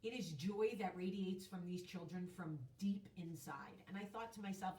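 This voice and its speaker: A woman's voice: lowish voice, normal speed, hardly any pauses, a little mellow, distant mic. A woman hosting a casual vlog, telling a story in a chatty, emphatic way with some casual swearing. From United States. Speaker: host. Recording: echoey room, voice off-mic.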